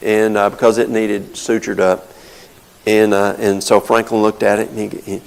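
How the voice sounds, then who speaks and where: A man's voice: on the low side, little pitch movement, moderate pace, vocal fry, a little mellow, poor audio. An older man giving a folksy teaching talk, telling stories and explaining with plain everyday examples. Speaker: health talk presenter.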